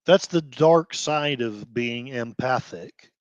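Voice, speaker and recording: A man hosting his own commentary show, ranting with feeling, sighing and breaking into quick heated outbursts between quieter stretches. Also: medium pitch, no room sound. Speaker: blogger host. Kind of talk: emotional commentary rant.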